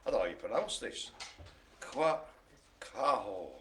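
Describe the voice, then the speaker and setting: A man's voice: lowish voice, very animated, measured pace, fairly bright tone, slight background noise. A man hosting a live-streamed bingo game, joking and playing the showman as he calls out each item. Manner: jokey, playful, showman-like. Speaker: bingo caller and host.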